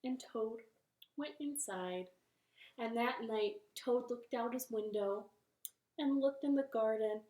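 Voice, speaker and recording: A woman reading a picture book aloud for children's storytime, slowly and expressively, from her living room. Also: a little high, roomy sound. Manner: slow, expressive, playful. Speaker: library storytime reader.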